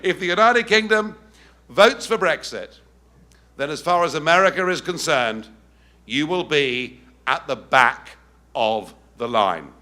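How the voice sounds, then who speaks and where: English guy doing a snooty american statesman, slow sneer, a bit high. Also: lively intonation, sharp tone. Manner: slow, sneering, lofty delivery.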